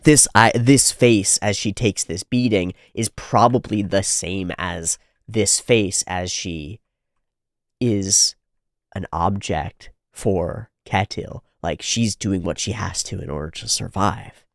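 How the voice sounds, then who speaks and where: A man's voice: deep voice, slow, vocal fry, no room sound, clean studio sound. A man hosting a reaction video, talking casually and animatedly, swearing freely with frequent restarts. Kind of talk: casual commentary on an anime episode.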